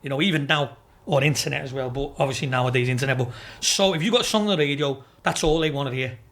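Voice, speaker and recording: A man's voice: medium pitch, fast, fairly bright tone. A man, a podcast guest telling stories in casual chat, swearing freely and laughing through them. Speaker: racehorse owner and businessman, podcast guest. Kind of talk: casual storytelling interview.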